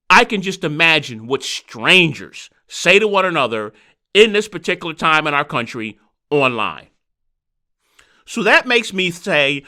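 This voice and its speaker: A man hosting a solo podcast, talking in an animated, rhetorical way. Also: on the high side. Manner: animated, rhetorical, mocking quoted voices. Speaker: podcast host.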